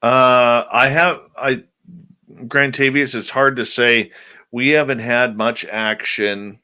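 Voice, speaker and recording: A man's voice: mid-range voice, steady tone, takes it slowly, bright, forceful tone, clean tone. A male radio show host in casual chat, drowsily reading out and answering listener questions.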